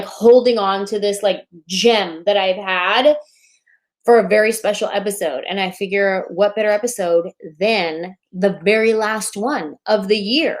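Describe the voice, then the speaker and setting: This host speaks at a medium pitch, running a relaxed livestream chat show from a bedroom that isn't hers. She keeps things chatty and fun, cracking jokes as technical problems crop up with her laptop mic.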